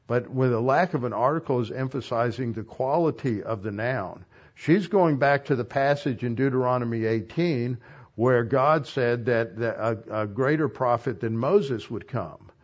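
A man preaching a verse-by-verse sermon at a mid-range pitch. He reads a few lines of scripture and then stops to explain what they mean, in an even, teacherly way. The recording sounds dull and lo-fi. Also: moderate pace. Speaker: Bible teacher. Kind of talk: expository sermon.

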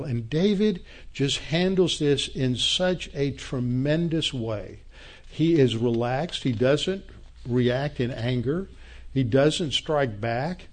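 A man's voice: mid-range voice, expressive, slow, a little mellow. A man preaching a sermon, teaching a Bible passage verse by verse in an emphatic manner. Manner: emphatic Bible teaching with frequent restarts and quoted voices. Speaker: pastor.

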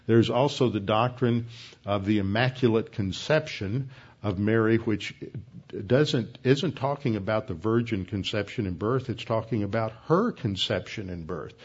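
A man with a lowish voice teaches through a sermon verse by verse. He is measured and explanatory and draws out the words he wants to stress. The recording sounds dull and lo-fi. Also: husky. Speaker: pastor.

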